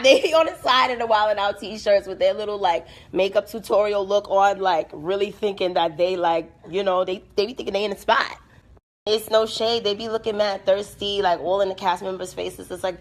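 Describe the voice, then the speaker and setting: A woman's voice: medium pitch, a little fast. A woman in her twenties delivering an angry, heated rant full of swearing and repetition. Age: 20s. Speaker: guest speaking in a played clip.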